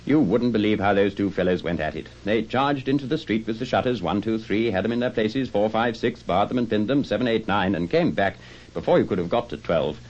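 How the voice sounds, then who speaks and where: A man narrating a classic tale in an expressive, dramatic reading style. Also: fairly low pitch, fairly quick. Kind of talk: scripted storybook narration. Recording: dull lo-fi recording with faint music.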